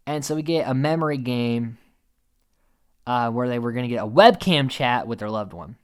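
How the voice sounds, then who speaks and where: A man chatting through a casual recap in a lively voice that rises and falls a lot. He talks in an animated, offhand way and breaks into laughs now and then. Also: medium pitch, normal speed, clean tone. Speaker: show recap host.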